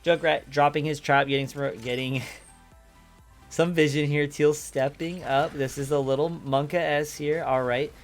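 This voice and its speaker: Excitable male esports caster. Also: on the high side, a little slow, faint music behind. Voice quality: voice cracks upward when excited. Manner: energetic play-by-play, chats with viewers. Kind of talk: live game commentary.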